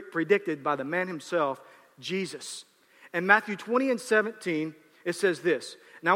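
A pastor delivers a sermon in a high, bright-toned voice. He preaches emphatically, repeating himself and building into rising bursts. His voice rings out with a long reverb across a church sanctuary.

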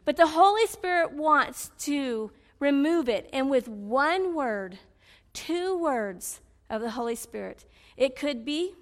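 A woman preaching a sermon, swinging between loud pleading cries and low confiding asides. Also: lively intonation, slow, in a large hall.

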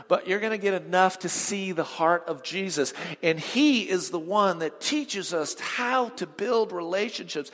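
A male pastor preaching a sermon, swinging from emphatic lines to hushed ones and quizzing the congregation. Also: high-pitched. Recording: long reverb of a large hall.

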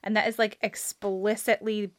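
A woman's voice: medium pitch, flat delivery, normal speed. A woman co-hosting a casual Bible discussion podcast, conversational and affirming, with easy laughs. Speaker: podcast co-host.

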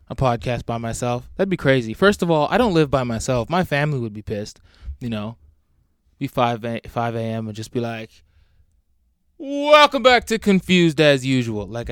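A man's voice: mid-range voice, clear, resonant tone, no room sound, studio quality. A young man hosting a solo podcast from home, rambling and joking with lots of swearing. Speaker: podcast host. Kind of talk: casual solo podcast rant.

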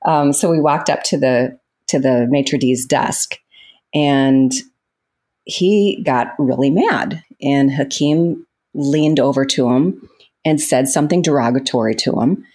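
A woman's voice: rumbling low, slow pace. A woman in an interview, telling stories with lots of laughter and acting out what people said. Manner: animated storyteller, laughs often, acts out quotes. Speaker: interview guest, actress. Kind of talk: casual storytelling in an interview.

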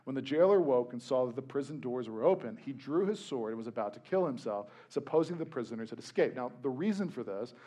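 A young adult man preaching a sermon, conversational and animated, with jokey asides while reading scripture. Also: medium pitch, quick pace, hardly any pauses. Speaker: pastor.

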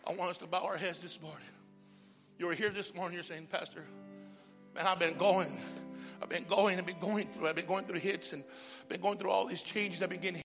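High-pitched shouting preacher with music behind. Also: male voice, fairly even intonation, fairly quick. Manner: preaching with call-and-response, swinging from shouts to hushed prayer. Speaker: pastor. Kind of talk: sermon.

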